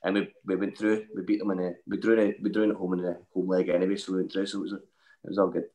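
A Scottish man with a fairly low voice tells a long, rambling anecdote in a lively way. He stacks up asides as he goes. It sounds like relaxed, casual podcast talk. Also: racing, rough recording. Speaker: former footballer guest. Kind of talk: casual storytelling.

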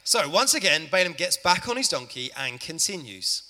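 A man's voice: a little high, normal speed, long reverb tail. A man, a church leader narrating a Bible story to a family audience and chatting with the listeners. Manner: lively, chatty, addresses the audience. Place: church hall.

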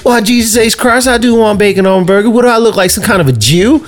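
Man doing an indignant folksy church comic, high put-on drawl, pitch pushed way up. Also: quick pace, soft background music, natural voice. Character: folksy male Christian stand-up comic, indignant.

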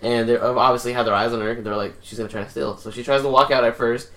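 A man's voice: mid-range voice, steady tone, fast, fairly bright tone. A young man in casual chat, telling a work story with lots of swearing, laughter and voices for the people in it. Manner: laughs often, swears, mimics people in stories. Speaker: podcast co-host.

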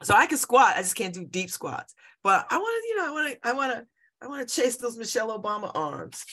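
With a slightly high, sing-song voice that sounds pushed and bright, a woman in her fifties hosts a show at a fast clip. She chats casually and rambles, laughing often and repeating herself.

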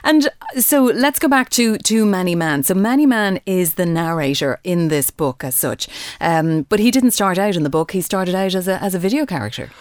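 A woman's voice: fairly low pitch, expressive, normal speed, no room sound, clean studio sound. A woman hosting a book interview, friendly and supportive, finishing her guest's thoughts. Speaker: book show host. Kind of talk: interviewing an author.

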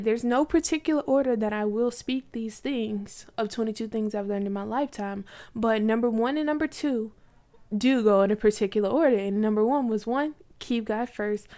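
A woman's voice: a little high, dark tone. A woman in her twenties casually telling a personal faith story, chatty, with lots of likes and you knows. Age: 20s.

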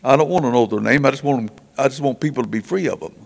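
A man's voice: mid-range voice, racing, gravelly. An older man preaching in a folksy storytelling way, stammering and repeating words as he acts out the people in his stories. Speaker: preacher telling revival stories. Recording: church hall reverb.

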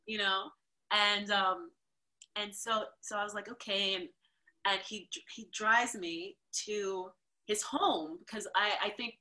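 A woman from New York, a dancer and podcast guest, telling lively stories in casual conversation and acting out the people she quotes. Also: slow pace. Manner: animated, acts out quotes with big jumps in pitch. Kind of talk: casual storytelling interview.

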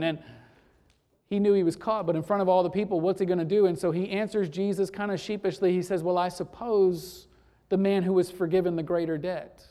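A woman preaching a sermon and retelling a story to make her point, dropping to a hush for emphasis and then building back up. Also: mid-range voice.

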